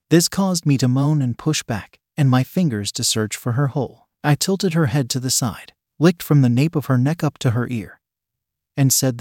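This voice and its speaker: A man reading a story aloud in a steady, measured narration. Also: medium pitch, no echo, clean studio sound.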